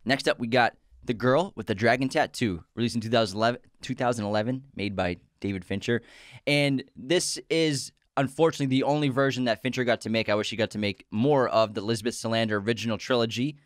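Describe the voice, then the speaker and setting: A man's voice: mid-range voice, dry recording, clean studio sound. A man co-hosting a film podcast, chatting casually and with enthusiasm. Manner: enthusiastic, talks in quick bursts. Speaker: podcast co-host. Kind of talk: casual chat.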